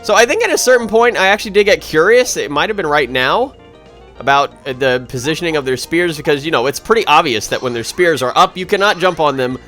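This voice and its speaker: A man talks over his video game run in a loose, rambling way, full of dry sarcasm and mid-sentence self-corrections. His pitch swoops up and down a lot as he reacts. Game music plays faintly underneath. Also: expressive, fast, fairly bright tone. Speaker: let's play commentator. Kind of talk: casual gameplay commentary.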